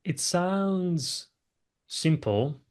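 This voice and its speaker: A man's voice: on the high side, animated, extremely slow, a little mellow, clear, resonant tone. Man hosting a podcast interview. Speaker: podcast host.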